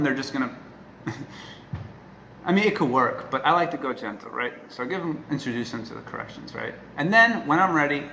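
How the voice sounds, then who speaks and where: A man with a gravelly, forceful voice speaks earnestly and emphatically, often checking in with the listener. The sound is roomy and echoey, with a faint hiss of noise underneath. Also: mid-range voice. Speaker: dog trainer. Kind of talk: casual talk to camera.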